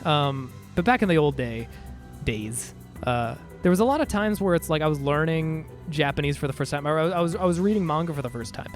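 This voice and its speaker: A man's voice: a little high, expressive, fairly quick. A man streaming a game, chatting casually and joking with his viewers. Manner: playful, jokey, chatty with viewers. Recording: faint music behind.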